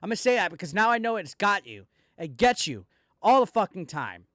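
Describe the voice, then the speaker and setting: A man with a notably high-pitched voice rants through a commentary video. He swears constantly and talks straight at the person he is attacking. The sound is dry, with no room echo. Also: very animated, fairly quick, a bit bright. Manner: profane, heated ranting addressed straight at a rival. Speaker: commentary channel host. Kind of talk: angry reaction commentary.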